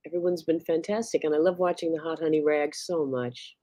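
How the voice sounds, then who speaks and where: A woman's voice: sits low, steady tone, a little fast, dark tone, no room sound. A woman co-host and performer chatting casually and bubbly on a livestream video call.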